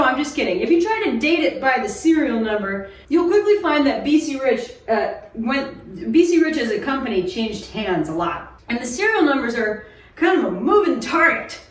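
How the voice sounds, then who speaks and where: High, lively woman joking in a shop. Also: far from the mic. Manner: joking, self-deprecating. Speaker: music shop host. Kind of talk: casual product demo. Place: music shop. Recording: roomy shop, voice away from mic. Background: guitar playing.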